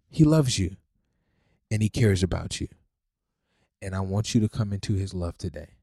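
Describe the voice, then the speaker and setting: Male podcast preacher, fervent, loud peaks to soft pleas, dry close sound. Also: low voice, no echo. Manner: fervent, swings from loud preaching to hushed pleading. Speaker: podcast host.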